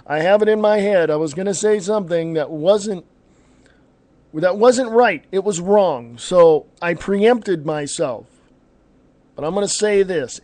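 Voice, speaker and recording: A man's voice: sits high, a little mellow, no room sound. Blunt, combative man ranting on talk radio. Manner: blunt, combative, rambling with self-corrections. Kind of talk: ranting opinion talk show.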